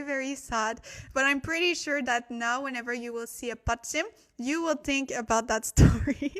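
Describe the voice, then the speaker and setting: A young woman hosting a casual livestream Korean lesson, chatty and laughing often as she reads out viewer comments. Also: a little high. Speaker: Korean language teacher and livestream host.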